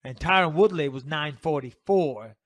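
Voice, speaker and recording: This is a podcast co-host, a middle-aged man with a Northern English accent, swearing his way through comic stories in a casual chat. He talks at a normal speed in a fairly high, slightly bright voice, with no echo.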